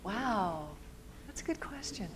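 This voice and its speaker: A woman's voice: a little high, lively intonation, takes it slowly, crowd noise. A woman voice-over artist answering audience questions at a live panel, chatty and upbeat, laughing easily.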